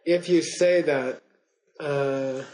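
Older man, class lecturer, rambling and chuckling, a touch high-pitched. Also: steady tone, very slow, darkish tone, rough recording. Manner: digressive storytelling, frequent "okay?" and "you know?" check-ins; chuckles while telling stories. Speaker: teacher. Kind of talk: lecture to students.

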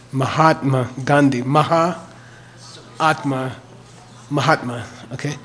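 An older man teaching the sounds and meaning of a mantra, spelling words out and checking in with "okay?" after each point. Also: on the high side. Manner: slow and deliberate, repeats words and checks with "okay?".

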